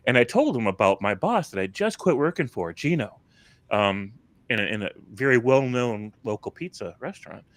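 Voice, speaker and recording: A man co-hosting a casual chat show, telling a relaxed personal anecdote. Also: fairly low pitch, fairly quick, dry recording. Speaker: podcast co-host.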